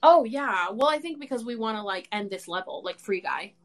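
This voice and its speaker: A young woman hosting a casual chat, excitable and outspoken, who swears freely and fills her talk with "like". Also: fairly high pitch, brisk. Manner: excitable, swears freely, many filler words. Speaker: host.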